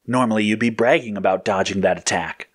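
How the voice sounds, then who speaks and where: Give me a measured, thoughtful space agent with a low voice, read by a man. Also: breathy edge.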